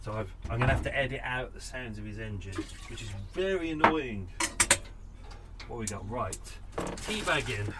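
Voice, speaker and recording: A man's voice: medium pitch, animated, moderate pace, very noisy. A British man hosting a podcast, rambling and grumbling in casual unedited chat from his home, shaken and a little breathless. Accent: British English. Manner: rambling, grumbling, self-interrupting. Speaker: podcast host. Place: home room.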